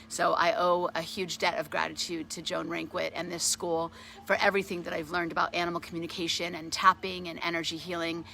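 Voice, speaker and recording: A middle-aged woman who runs an animal sanctuary tells a personal story in a casual, animated way. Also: on the low side, slight background noise. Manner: animated, grows excited while retelling a story. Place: outdoors at a farm sanctuary.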